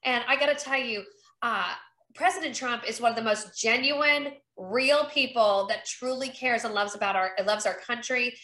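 A woman's voice: a little high, moderate pace, pushed and bright. A woman running for Congress, talking in an upbeat, chatty way in a casual interview. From North Carolina. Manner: upbeat and chatty, acts out quoted conversations. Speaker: congressional candidate. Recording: roomy echo.

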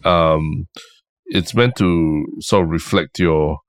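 Male podcast host, Singaporean English, low pitch, attentive and easygoing. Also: takes it slowly, dry recording, clean studio sound. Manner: attentive, frequent murmured agreement. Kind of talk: casual podcast chat.

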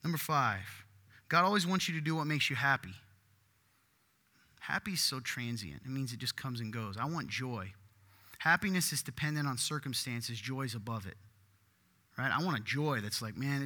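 A man preaching a sermon in a church, animated and breaking into loud emphatic bursts. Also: mid-range voice, moderate pace, in a large hall. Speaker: pastor.

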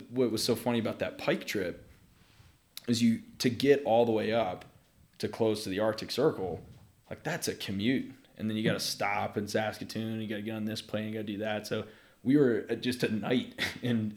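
Lively man telling a laughing story. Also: on the low side, moderate pace. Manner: lively, laughs often, acts out voices in stories. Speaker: guest. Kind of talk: casual storytelling conversation.

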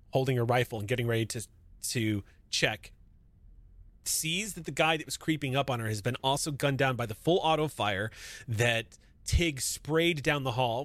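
A man with a mid-range voice acts as game master for a tabletop sci-fi horror game, with no room sound. He explains rules and scenes in a relaxed way, using fillers and restarting sentences.

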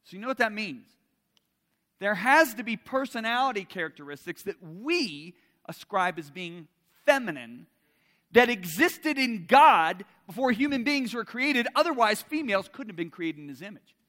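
A middle-aged man preaching a sermon, swinging from loud emphasis to soft intimacy and asking the audience direct questions. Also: high-pitched, very animated, moderate pace, in a large hall.

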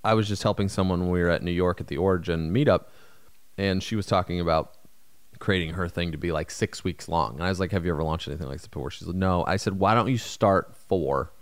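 Deep-voiced man co-hosting a dry podcast. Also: clean tone, dry recording. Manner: conversational advice-giving with quick asides. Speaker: podcast co-host. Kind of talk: casual chat.

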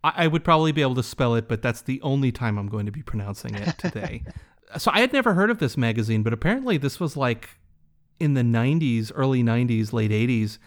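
A man's voice: medium pitch, lively intonation, quick pace. A man hosting a casual interview, asking curious, easygoing questions. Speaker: podcast host.

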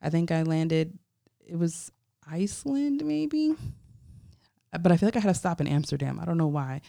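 A woman's voice: sits low, fast, creaky, dry recording, clean studio sound. A young woman from Florida, a photographer, telling stories in a casual interview, full of "like" and acting out the voices of people she quotes. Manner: animated, acts out quoted voices, many "like" fillers. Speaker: photographer guest.

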